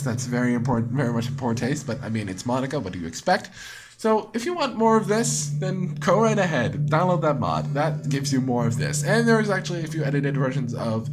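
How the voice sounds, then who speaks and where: A man hosting a casual game commentary, excitable and rambling, swearing freely. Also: medium pitch, heavy background noise. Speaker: let's play host.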